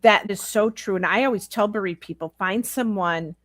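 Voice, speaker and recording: Convidada de podcast, mulher, narra de forma sincera e animada; som seco e próximo. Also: female voice, mid-range voice, moderate pace, no room sound. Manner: earnest storyteller acting out quoted dialogue. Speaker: podcast guest. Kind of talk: live podcast Q&A, storytelling.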